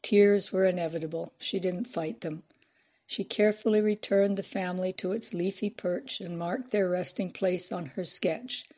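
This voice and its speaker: A woman reading a novel aloud in measured, expressive scripted narration. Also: fairly low pitch. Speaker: audiobook narrator.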